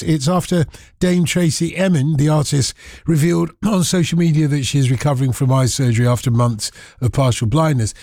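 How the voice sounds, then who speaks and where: A man's voice: on the high side, a little mellow, no room sound, studio quality. A man presenting a radio show, chatting and telling anecdotes in a teasing, easy manner. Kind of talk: casual radio chat.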